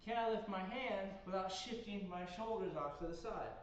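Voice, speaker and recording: Breathy male fitness coach in an echoey room. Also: high voice, moderate pace. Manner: counting out holds, coaching while exercising. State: a little out of breath. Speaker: fitness instructor. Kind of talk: guided workout instruction. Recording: echoey, distant, dull, faint noise.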